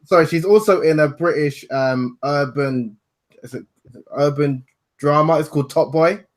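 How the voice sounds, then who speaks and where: A man's voice: on the high side, moderate pace. A man from West Africa, a guest author, speaking earnestly in casual conversation, with asides and self-corrections.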